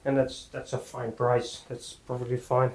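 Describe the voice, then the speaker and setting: A man giving a casual workout talk in his home gym, halting with many fillers and out of breath between sets. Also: mid-range voice, completely flat delivery, a little mellow, rough recording. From Netherlands. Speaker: fitness vlogger.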